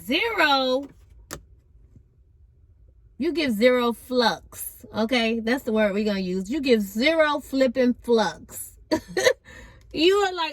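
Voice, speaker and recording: A woman with a high, bright-pitched voice runs a casual tarot reading for her viewers. She sounds amped and energetic, chatting loosely and full of slang as she speaks to the audience. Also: takes it slowly, long pauses, no room sound. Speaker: tarot reader.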